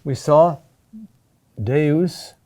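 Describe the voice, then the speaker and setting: A man teaching a recorded lesson on chant rhythm, talking deliberately with pauses and "huh?" checks. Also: on the high side, darkish tone.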